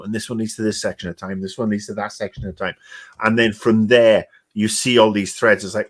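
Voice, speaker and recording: A man's voice: fairly low pitch, little pitch movement, brisk. A man co-hosting a casual podcast discussion, rambling and sarcastic, swearing freely and full of fillers. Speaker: podcast co-host.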